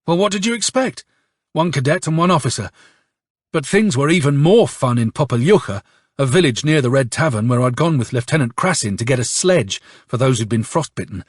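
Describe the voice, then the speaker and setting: Hoarse cussing young officer ranting his war story , man doing the voice, lively up-and-down pitch, husky dry sound. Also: a little fast, dry recording. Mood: angry storytelling. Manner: angry, sardonic storytelling with curses. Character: hoarse young male officer, bitter and swearing. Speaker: audiobook narrator. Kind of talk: audiobook reading.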